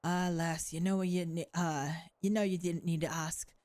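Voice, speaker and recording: A woman voicing a gruff male pirate with a put-on rough accent, reading game lines aloud. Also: on the low side, little pitch movement, normal speed, a little mellow, pitched below the performer's own voice, lightly acted.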